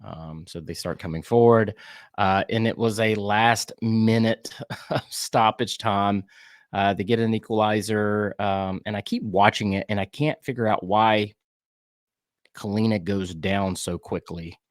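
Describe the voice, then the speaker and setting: A man with a Southern US accent co-hosting a soccer podcast, breaking down match plays in a relaxed, rambling way with fillers and restarts. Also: lowish voice, a little slow, no room sound, clean studio sound. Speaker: podcast co-host. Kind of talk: casual sports chat.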